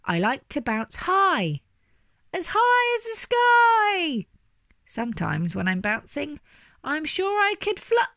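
A woman's voice: mid-range voice, expressive, normal speed, dry recording, clean studio sound, natural voice. A woman voicing a playful male jack-in-a-box toy who sings in a bouncy rhythm. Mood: cheerful sing-song. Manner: sing-song, playful.

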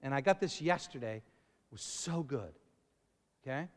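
A middle-aged man preaching a sermon, rambling and repeating words, then building up to shouting. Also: mid-range voice, lively intonation, a little slow. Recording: long reverb of a large hall.

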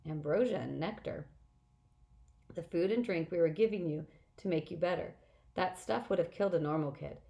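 A clever teenage girl explains things earnestly and patiently, sure of what she knows, voiced by a woman reading aloud. Her voice sits low and calm. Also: moderate pace, creaky, lo-fi sound.

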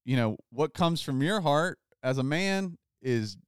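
Smooth-voiced man in casual Bible chat. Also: on the high side, a little slow, dry recording, clean studio sound. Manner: relaxed, says "like" often, reads scripture aloud. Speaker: podcast host.

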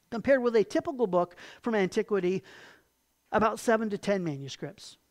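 Animated preacher giving a sermon. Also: mid-range voice. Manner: animated storytelling, emphatic. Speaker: pastor.

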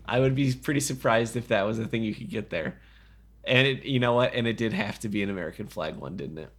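A man's voice: on the low side, fast talker, fairly bright tone. A man co-hosting a casual movie podcast, jokey and rambling, laughing often. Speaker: podcast co-host.

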